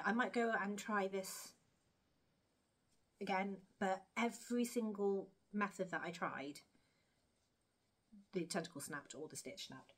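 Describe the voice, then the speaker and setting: Casting: woman, lower-pitched voice, rambling friendly crafts vlogger. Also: fairly bright tone. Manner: chatty, rambling, self-deprecating, with frequent laughs and asides. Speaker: crochet vlogger. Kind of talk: casual chat to camera.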